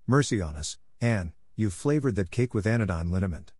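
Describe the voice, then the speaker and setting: A man's voice: on the low side, animated, brisk, a little mellow, breathy edge, no room sound. A man reading aloud and voicing a stern, dry older woman guardian who speaks curtly and sniffs at nonsense. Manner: curt and sniffing.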